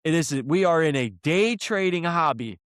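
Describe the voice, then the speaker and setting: Man co-host, higher-pitched voice, close dry mic, ranting and cursing in a heated podcast argument. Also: animated, normal speed, fairly bright tone, clear, resonant tone, no echo. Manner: worked up, ranting, swears often. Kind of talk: heated casual podcast discussion.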